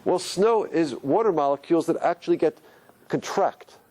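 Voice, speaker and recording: Here a Torah teacher with a fairly high male voice talks at a moderate pace, lecturing on the Hebrew letters. He keeps throwing questions at his audience in an animated, rhetorical way.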